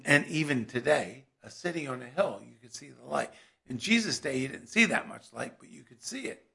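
A man's voice: on the high side, gravelly, fairly bright tone, slightly rough. A man preaching a sermon in a conversational way that builds to emphatic peaks.

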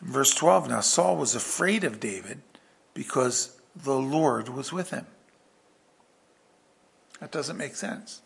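A man preaching a verse-by-verse sermon with an animated delivery that swings from loud emphasis to hushed asides. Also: medium pitch, slow pace, creaky, pauses often. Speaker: pastor.

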